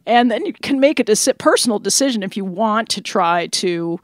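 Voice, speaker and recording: A woman's voice: mid-range voice, expressive, brisk, no room sound, clean studio sound. Teasing woman co-hosting a radio show. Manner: teasing, playful banter. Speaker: radio co-host. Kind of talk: casual chat. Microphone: studio headphones and mic.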